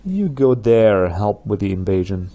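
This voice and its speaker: A man's voice: on the low side, very animated, a little slow, warm tone, slight background noise. A man with a German accent, a native German speaker, chatting through gameplay commentary as a let's play host and laughing at his own jokes.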